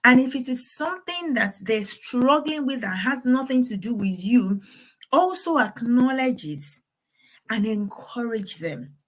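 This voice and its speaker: Breathy middle-aged woman talking parents through stuff, earnest, faith-y, laughs a bit. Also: a little high, lively intonation, a little slow. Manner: earnest, advising, laughs often. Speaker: parenting speaker. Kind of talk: faith-based parenting talk.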